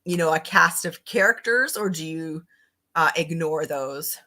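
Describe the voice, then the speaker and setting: A woman with a bright, forward voice sitting a little low in pitch hosts a relaxed live stream about books. She talks in a chatty, upbeat way, reading viewer comments aloud and answering them. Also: unhurried. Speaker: book channel host. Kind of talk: casual live-stream book chat.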